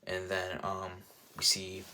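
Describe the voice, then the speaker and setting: A man's voice: deep voice, completely flat delivery, takes it slowly, pushed and bright. A man giving a casual spoiler review, enthusiastic and rambling, full of fillers. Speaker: show reviewer.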